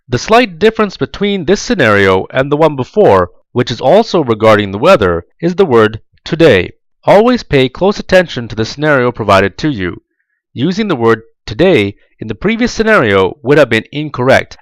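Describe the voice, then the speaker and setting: A man reading a scripted tutorial voice-over for job applicants, slow, deliberate and clearly enunciated. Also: mid-range voice, dry recording, rough recording.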